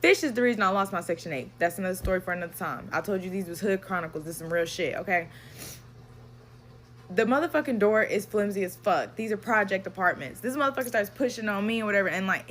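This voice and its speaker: A young adult woman telling a real-life story in a blunt, profane, animated way, acting out the dialogue. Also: medium pitch. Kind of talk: casual storytime vent.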